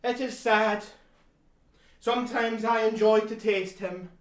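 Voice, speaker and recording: Slow, solemn, deadpan man in an echoey room. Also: sits high. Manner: slow, solemn, formal, with outbursts into bird cries. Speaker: solo improv performer, as the bird lover. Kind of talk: improvised deadpan one-man play. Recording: roomy, from a distance.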